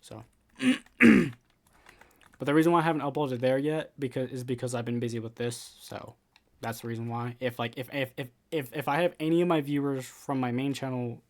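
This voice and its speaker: A man's voice: medium pitch, moderate pace. A man giving casual commentary for a game building tutorial, rambling with many repeated words and restarts.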